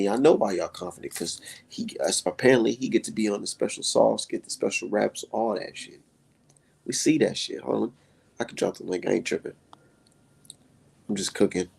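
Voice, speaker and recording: Gravelly, husky-voiced man ranting. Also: a little mellow. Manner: heated, profane, swinging pitch. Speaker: live-stream host. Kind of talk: profane live-stream rant.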